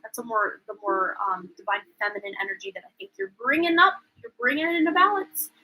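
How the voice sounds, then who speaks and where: A woman's voice: on the high side, big pitch swings, quick pace, pushed and bright, slightly rough, poor audio. A woman giving a live-streamed tarot reading, chatty and rambling, often unsure and laughing at herself. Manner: self-deprecating, laughs at herself. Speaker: tarot reader.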